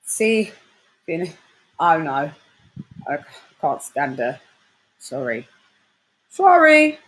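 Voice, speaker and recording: A woman's voice: sits low, very slow. A British woman, a grime and dancehall artist hosting a casual livestream chat, full of slang and boastful trash talk. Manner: animated, slangy, trash-talking banter. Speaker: host.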